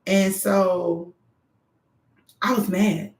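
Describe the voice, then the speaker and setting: A woman giving frank, animated advice straight to her viewers in a candid monologue. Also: medium pitch, extremely slow. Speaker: doctoral student vlogger. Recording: echoey room.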